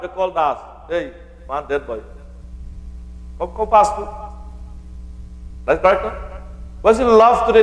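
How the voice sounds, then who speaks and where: High-voiced male pandit preaching in a hall. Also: fairly bright tone. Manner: addresses listeners as devotees, quotes scripture. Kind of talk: Ramayan sermon.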